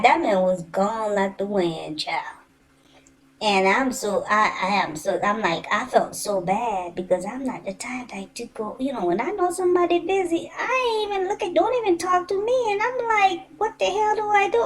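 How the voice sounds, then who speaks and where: A woman telling a personal story in a casual, animated and colloquial way, swearing freely. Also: sits high, low-quality recording.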